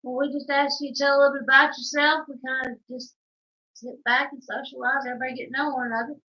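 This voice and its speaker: A Southern US woman co-hosts a casual livestream, calling out viewers by name and teasing her partner. Her voice is bright and slightly high. The sound is dull and lo-fi. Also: flat delivery, fast. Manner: reads out viewer names and teases the co-host. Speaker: livestream co-host.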